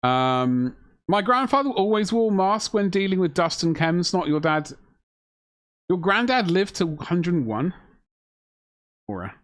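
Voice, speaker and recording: A man hosting a live stream. He reads viewers' chat aloud and answers it with jokes while he works on a miniature at his desk. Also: fairly high pitch. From Britain.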